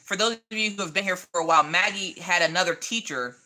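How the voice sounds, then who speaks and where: A middle-aged woman with a Southern accent, chatting casually on a craft livestream, sassy and quick to laugh. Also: fairly low pitch, pushed and bright. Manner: chatty, sassy, laughs often, jokey asides. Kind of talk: casual chat while coloring.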